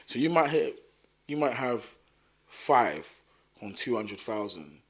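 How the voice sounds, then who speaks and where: A man with a London accent talks as a guest on a casual podcast. His pitch swings widely as he tells stories, and he scatters fillers through his speech. His voice sits in an ordinary middle range. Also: takes it slowly. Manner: animated storyteller with many fillers. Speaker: podcast guest, content creator. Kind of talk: casual chat.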